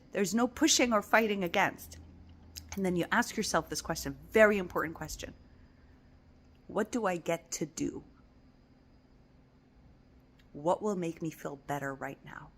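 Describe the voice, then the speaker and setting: A woman giving a spiritual self-help talk, tender and affirming, often dropping into soft whispers. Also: medium pitch. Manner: coaxing and affirming, repeating phrases. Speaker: spiritual teacher.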